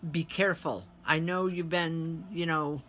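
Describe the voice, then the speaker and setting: A woman's voice: low-pitched, steady tone, a little slow, a bit bright. A woman reverend working as a medium, giving a live online spiritual reading and talking chattily to viewers as she relays spirit messages.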